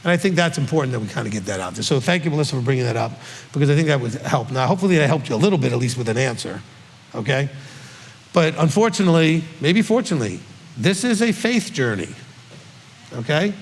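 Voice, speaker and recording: A man, a rabbi, teaching in a congregational Q&A, often pausing to ask "okay?" to check his listeners agree. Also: medium pitch, lively intonation, husky. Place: congregation hall. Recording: long hall reverb.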